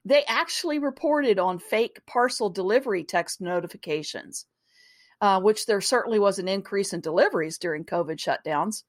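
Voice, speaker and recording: A woman's voice: mid-range voice, dry recording, clean studio sound. A woman hosting a podcast, talking casually with asides to listeners and easy laughs. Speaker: podcast host.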